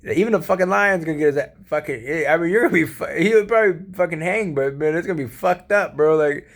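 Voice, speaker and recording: A gravelly, slightly high male voice rattles off a casual late-night monologue at a fast clip. The solo vlogger rambles profanely in easygoing slang and laughs often as he talks.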